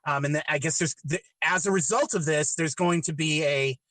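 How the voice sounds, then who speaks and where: A man hosting a casual podcast who asks questions in a halting way, repeating words and hedging as he goes. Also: on the high side, fairly bright tone, dry recording, low-quality recording. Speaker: podcast host. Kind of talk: casual chat, asking questions.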